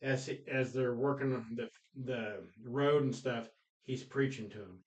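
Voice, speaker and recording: Animated man retelling film scenes. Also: mid-range voice, unhurried, low-quality recording. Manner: animated storyteller, acts out quoted lines loudly, laughs often. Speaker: podcast co-host. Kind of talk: casual film discussion.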